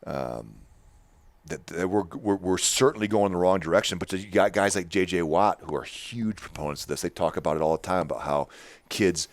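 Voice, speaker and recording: A middle-aged man with a loud, very low voice tells stories on a podcast. He talks in an animated, emphatic way and often restarts his sentences. The sound is close and dry. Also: moderate pace, no echo. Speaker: podcast host. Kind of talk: casual podcast chat.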